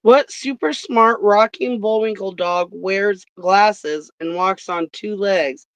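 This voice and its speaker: A woman hosting a casual trivia stream, reading questions slowly and swearing freely between them. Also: medium pitch, no room sound. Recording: dull lo-fi stream audio.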